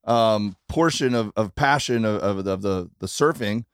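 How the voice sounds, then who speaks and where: A man, a comedian guest on a podcast, talking casually on a tour bus and rambling with halting restarts. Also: fairly low pitch, clear, resonant tone, dry recording. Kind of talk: casual chat.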